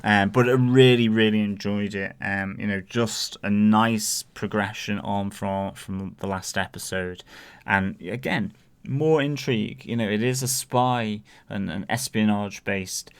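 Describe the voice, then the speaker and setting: A man's voice: on the low side, steady tone, measured pace, smooth. A man co-hosting a podcast, giving an upbeat casual review and repeating words of praise. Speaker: podcast co-host.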